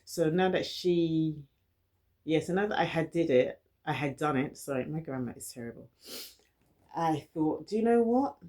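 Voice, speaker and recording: A woman's voice: sits low, steady tone, moderate pace, a little mellow. A woman from London with a London accent talks candidly to camera in a personal vlog. She stutters, often repeats words and restarts her phrases, and speaks in an earnest, encouraging way. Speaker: vlogger. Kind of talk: personal reflective talk to camera.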